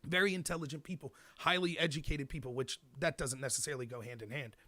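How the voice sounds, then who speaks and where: A man hosting his own show, delivering an animated commentary monologue full of mock quotes. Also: on the high side, fast, dry recording. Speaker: host.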